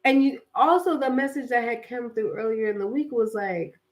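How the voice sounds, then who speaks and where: A woman's voice: fairly high pitch, moderate pace. A young woman, tired from a workout, hosting a casual spiritual livestream, rambling with lots of fillers and slang. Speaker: livestream host.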